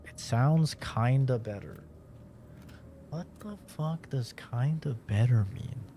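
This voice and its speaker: A man's voice: mid-range voice, slow pace, warm tone, a little hiss or hum. A young man streaming a horror game, chatting casually with a sarcastic, profane manner. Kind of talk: casual gaming commentary.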